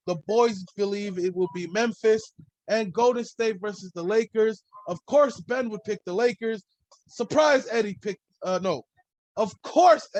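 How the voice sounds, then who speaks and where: A man's voice: high voice, no echo, poor audio. A man hosting a solo sports podcast, talking in a loose, rambling way and swearing freely. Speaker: podcast host.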